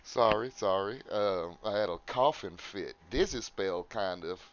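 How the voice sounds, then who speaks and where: A man's voice: lowish voice, a little slow, dull audio, slight background noise. A man with a drawl hosting a comedy podcast, talking in a mock-earnest put-on persona. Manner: mock-earnest, breaks into laughter. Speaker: podcast host.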